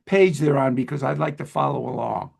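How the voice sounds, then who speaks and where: A man from Long Island hosting an interview in a chatty, self-deprecating way, quick to laugh. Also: mid-range voice, creaky, darkish tone, husky. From Long Island, United States. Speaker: host. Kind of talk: conversational interview.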